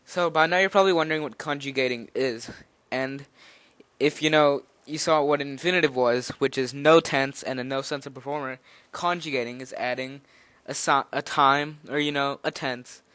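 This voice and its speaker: A man's voice: mid-range voice, normal speed, fairly bright tone, smooth, dry recording. A nervous young man giving an informal spoken language lesson, rambling a little with fillers and restarts as he explains. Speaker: language teacher.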